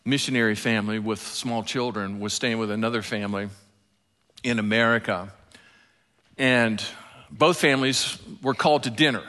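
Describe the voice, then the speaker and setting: A man preaching a sermon, telling stories and dropping into soft, intimate asides. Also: medium pitch. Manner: animated storytelling preacher, drops to soft asides. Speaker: pastor. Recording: long hall reverb.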